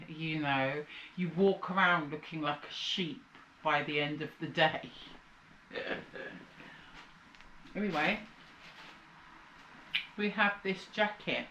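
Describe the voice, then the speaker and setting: Woman from the UK, chatty haul vlogger with a slight cold; lowish voice, roomy sound with faint background noise. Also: a bit bright, dull audio. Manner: chatty, tired, rambling. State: slight cold, sucking a lozenge. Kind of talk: casual chat.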